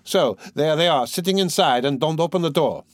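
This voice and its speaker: A man's voice: a little high, a little fast, no echo, clean studio sound, voice pushed up, natural voice. A man voicing an eager young law student. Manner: excited, insistent.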